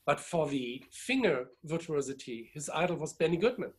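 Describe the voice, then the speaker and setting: A middle-aged man from Berlin, a DJ and record collector appearing as a guest, tells a long anecdote over a video call in a German accent. His voice is a little high and moves at a moderate pace, and he's animated, laughing as he spins the story in casual conversation.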